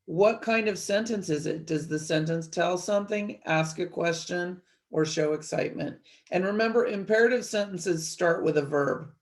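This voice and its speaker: A woman teacher giving an online grammar lesson from her desk, explaining each step clearly with light playful asides to her students. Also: lowish voice, normal speed, few pauses. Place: at a desk, screen-sharing a worksheet.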